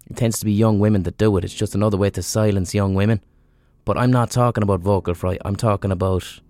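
A man's voice: on the low side, warm tone, dry recording. A man hosting a podcast, talking off the cuff in a blunt, sweary, rambling way while sick with a fever. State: feverish, unwell. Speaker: podcast host. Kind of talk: casual solo monologue.

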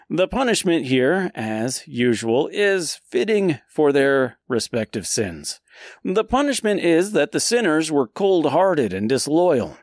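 Male podcast host, slow and bouncy in pitch, casual comedic storyteller with quick silly character voices. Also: dry recording, clean studio sound. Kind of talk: casual comedic retelling of a classic poem.

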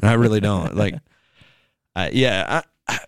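A man who serves as a worship pastor rambles in casual chat, filling his speech with fillers and now and then singing a snippet. His lowish voice is smooth and animated, moving at a measured pace. The recording is dry with clean studio sound.

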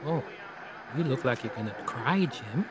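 An actor playing an overweight, teasing interrogator who rambles and drops into quiet menace. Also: male voice, mid-range voice, unhurried, noisy background, close to an everyday voice. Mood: menacing. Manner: rambling, teasing, sudden swings between loud excitement and quiet menace. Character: menacing, overweight male interrogator, probing and mocking. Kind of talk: film drama dialogue.

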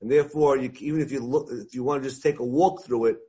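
A man leads a Talmud lesson, moving between English and Hebrew and Aramaic quotes. His voice sits at an everyday middle pitch with a husky, slightly rough edge. He gets animated and plays out the voices in the text as he explains. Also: fast talker, muffled recording. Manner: animated, mixes Hebrew and Aramaic terms into English, acts out dialogue. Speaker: Talmud teacher. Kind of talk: Talmud class lecture.

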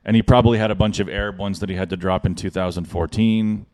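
A man's voice: fairly low pitch, fairly even intonation, fast, darkish tone, slight background noise. A young adult man and comedian co-hosting a podcast, telling rambling comedic stories with lots of fillers and restarts. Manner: rambling anecdotes full of "like" and restarts. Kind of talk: casual comedic storytelling.

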